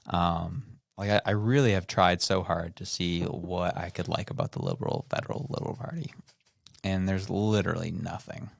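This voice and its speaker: Gravelly low-voiced Canadian man chatting. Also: normal speed, no room sound, studio quality. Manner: animated, mocks voices of others. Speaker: podcast co-host. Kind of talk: casual political chat. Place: studio.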